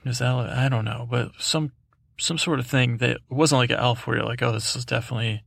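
A man's voice: mid-range voice, moderate pace, gravelly, a bit bright, slightly rough, no room sound. A man hosting a bedtime podcast, telling a meandering story with many hesitations and fillers. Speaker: podcast host.

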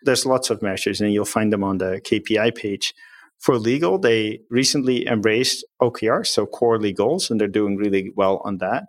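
A man's voice: fairly low pitch, normal speed, no room sound. A man, a company executive, explaining his firm's ways of working in an upbeat, plain-spoken way as an interview guest.

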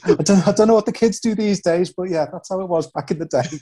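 A man's voice: high-pitched, fast talker, mellow. A man in his forties from Liverpool with a Scouse accent, chatting as a podcast guest, self-deprecating and full of fillers. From Liverpool, England. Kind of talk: casual interview chat.

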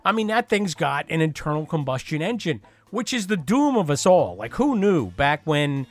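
A man's voice: a little high, big pitch swings, normal speed, no room sound, faint music behind. Chatty jokey male podcast host. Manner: chatty, jokey, with many fillers and restarts. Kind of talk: casual chat.

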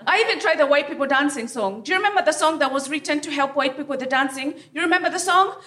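A woman from Africa doing a live stand-up set on a theatre stage, delivering deadpan punchlines and teasing the crowd. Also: high voice, quick pace, slight background noise. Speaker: stand-up comedian.

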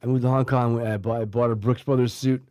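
A middle-aged man, a guest, casually rambles through a long life story, full of restarts and fillers, acting out the voices of people he quotes. He talks fast at medium pitch with a level tone, slightly mellow, over a little hiss or hum.

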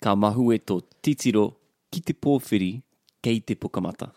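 A man's voice: fairly low pitch, a little fast, a little mellow, no room sound, clean studio sound. New man asking lesson questions. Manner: attentive, repeats words and asks questions. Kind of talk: language lesson conversation.

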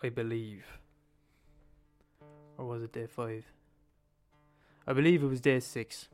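A man's voice: mid-range voice, steady tone, slow, a little mellow, faint music behind. A man with an Irish accent retelling a story in a casual, profane, repetitive, conversational way.

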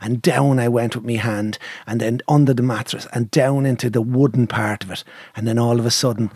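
A middle-aged man telling an animated story in casual chat, swearing freely and acting out what people said, swinging from low mutters to loud outbursts. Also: fairly quick, breathy edge, dry recording.

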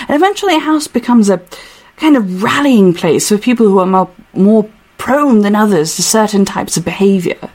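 A woman reading aloud as an older English gentleman in an attempted London accent, measured and storytelling. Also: medium pitch.

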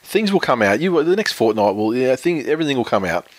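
A man's voice: mid-range voice, very animated, quick pace, no room sound. A man with an Australian accent chatting casually about sports, rambling and opinionated, swearing freely.

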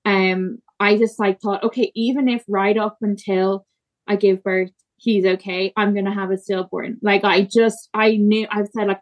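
A woman on a podcast recounting her birth story, emotional and halting, with many fillers and restarts. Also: medium pitch, steady tone. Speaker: podcast guest. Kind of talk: personal storytelling in conversation.

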